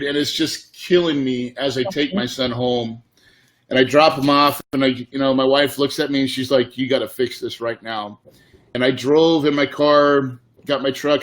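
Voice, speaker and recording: A man's voice: mid-range voice, fairly bright tone. A middle-aged man, a real estate investor, telling a candid personal story in a casual, emotional way. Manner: casual, emotional, says dude and man often.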